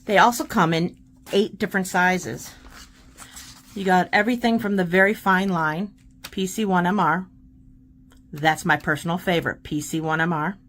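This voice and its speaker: A woman's voice: fairly low pitch, normal speed, pauses often, fairly bright tone. A woman hosting a casual art tutorial, chatting and encouraging while she demonstrates paint pens.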